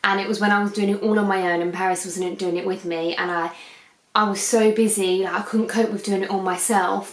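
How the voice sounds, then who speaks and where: A woman's voice: mid-range voice, fairly even intonation, brisk. A young woman in her twenties chatting casually in a beauty vlog, rambling and often drifting off topic as she sits on her sofa at night. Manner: rambling, keeps digressing. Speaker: beauty vlogger. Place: living room, on a sofa, at night under a harsh light. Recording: echoey indoor room.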